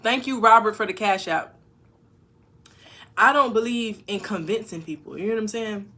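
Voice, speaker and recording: A woman on a casual livestream, reading viewer comments aloud and answering them frankly, with sudden loud bursts. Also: medium pitch, moderate pace. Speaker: YouTuber answering live chat. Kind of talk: casual live-stream chat.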